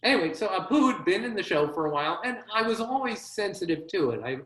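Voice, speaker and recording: A man's voice: high-pitched, big pitch swings, quick pace, a bit bright, a little hiss or hum. A man, a comedy writer, giving a one-man show with wry, self-deprecating comic storytelling over a video call. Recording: roomy echo.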